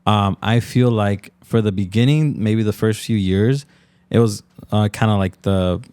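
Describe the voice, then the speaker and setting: A man as a podcast guest in casual conversation, earnest and halting, full of fillers and close to tears. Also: fairly low pitch, steady tone, a little mellow, dry recording.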